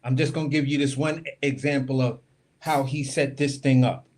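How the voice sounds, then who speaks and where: A man's voice: mid-range voice, fairly even intonation, normal speed, a little mellow. A man co-hosting a boxing talk stream, telling the story in casual chat and acting out the quotes. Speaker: boxing podcast co-host. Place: home studio, live stream.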